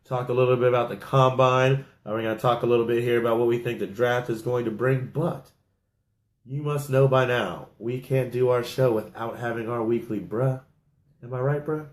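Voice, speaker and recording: A man's voice: medium pitch, steady tone, moderate pace. A man co-hosting a casual sports talk show, joking and laughing often. His voice sits in a mid range. The sound carries the echo of a bare room. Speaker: podcast co-host.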